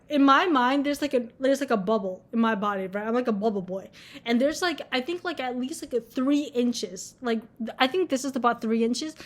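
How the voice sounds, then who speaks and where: A young woman in college ranting casually to camera, blunt and full of swearing and filler words. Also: sits high. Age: young adult. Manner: blunt, swears a lot, many filler likes. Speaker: vlogger.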